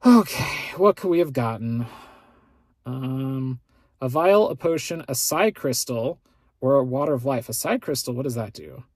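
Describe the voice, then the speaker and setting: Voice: medium pitch, lively intonation, measured pace, breathy edge, dry recording. A let's play gamer giving casual, rambling commentary on their gameplay and often correcting themselves. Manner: rambling, self-correcting, chatty.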